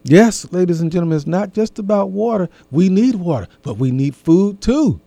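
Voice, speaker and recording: A man's voice: high voice, lively intonation, normal speed, dark tone, no echo. A middle-aged man hosting a casual talk, addressing his audience directly and repeating key phrases for emphasis. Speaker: host.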